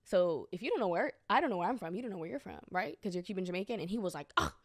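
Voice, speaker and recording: A woman's voice: mid-range voice, animated, very fast. A woman from the United States, a podcast guest, telling stories animatedly and acting out other people's lines. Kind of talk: casual conversational storytelling.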